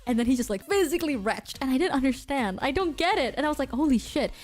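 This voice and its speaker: A woman from Indonesia, telling a story to her chat in a casual, animated way and swearing freely. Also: sits high, fast, faint music behind. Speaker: streamer.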